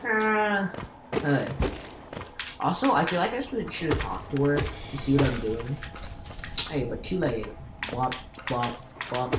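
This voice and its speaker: Woman let's-play host, very deep voice, rambling and self-mocking, in a roomy room with background noise. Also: takes it slowly. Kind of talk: casual gameplay commentary.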